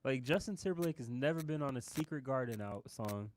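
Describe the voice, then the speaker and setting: A man co-hosting a relaxed talk show, giving his opinions bluntly and teasing his partner. His voice sits at a middle pitch, with a faint hiss of noise behind it. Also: brisk. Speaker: podcast co-host. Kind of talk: casual debate chat.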